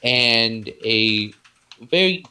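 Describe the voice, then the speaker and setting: A man's voice: mid-range voice, lively intonation, extremely slow, pushed and bright, poor audio. A man playing a tabletop game, chatting in a laid-back, hesitant way. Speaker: player. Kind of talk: casual tabletop game chat.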